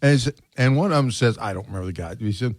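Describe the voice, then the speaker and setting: A man's voice: mid-range voice, lively intonation, fast talker, a little mellow, dry recording. Folksy male radio host. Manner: folksy anecdote teller. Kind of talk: casual radio chat. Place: radio studio. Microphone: studio mic.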